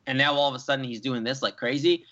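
A young man, co-hosting a casual sports chat, animated and rambling. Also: medium pitch, fast. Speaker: co-host. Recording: dull lo-fi sound.

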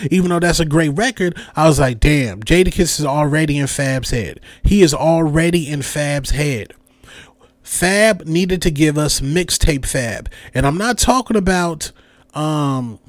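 A young man rants on his podcast in a comedic, animated way, doing little voices and circling back to the same catchphrases. His voice sits fairly high for a man. The sound is dry and close, with no room around it. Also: no echo. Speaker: podcast host.

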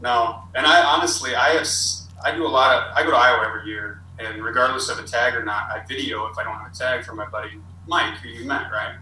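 A man's voice: medium pitch, fast, few pauses, a little hiss or hum. Distant, roomy storytelling man. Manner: animated, rambling storyteller. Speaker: podcast guest. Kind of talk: casual storytelling. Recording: roomy, distant with faint ambience.

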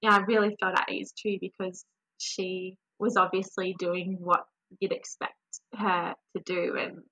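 A young woman, a podcast guest, telling her birth story in a warm, animated, emotional way. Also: lowish voice, unhurried, poor audio.

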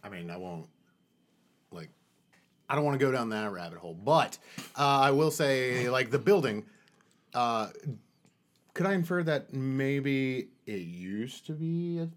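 Young man, tabletop player, casual, curious, animated pitch. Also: unhurried, pauses often. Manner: asks questions, musing.

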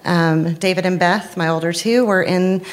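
A woman in her forties telling a personal story to a live audience from a stage, earnest and candid, with thoughtful pauses. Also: on the low side, steady tone.

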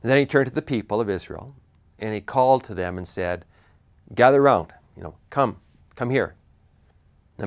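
A man preaching a sermon, retelling a Bible story with animated asides and frequent restarts. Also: fairly low pitch.

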